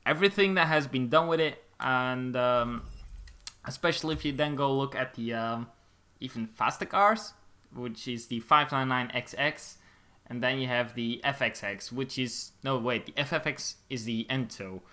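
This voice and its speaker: A man's voice: medium pitch, normal speed, pushed and bright. A young man from Belgium with a Dutch-native accent, rambling and tripping over words while commentating on a racing game. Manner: rambling, stumbling over words, swearing casually. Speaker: gaming YouTuber. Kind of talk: gameplay commentary.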